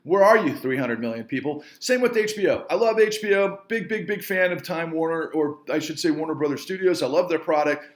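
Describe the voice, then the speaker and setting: Angry guy ranting, repeats himself a lot, kinda high voice, roomy echo. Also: expressive, a little fast, few pauses. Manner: angry, emphatic, repetitive, swearing mildly. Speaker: filmmaker and entrepreneur. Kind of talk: impassioned rant to camera.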